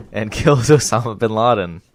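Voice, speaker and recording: A man's voice: lowish voice, expressive, unhurried, a little hiss or hum. A young man co-hosting a casual comedy talk show on college radio, laughing and adding joke ideas. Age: young adult. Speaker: co-host.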